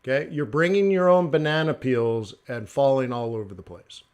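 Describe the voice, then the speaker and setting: A man hosting a casual forex trading live stream, talking through charts in a joking, animated way. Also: mid-range voice, moderate pace, clear, resonant tone. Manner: chatty, joking, animated asides with mock voices.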